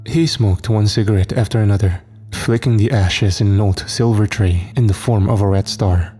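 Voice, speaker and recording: A man narrating a scripted horror story in a steady, somber way. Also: lowish voice, normal speed, breathy edge.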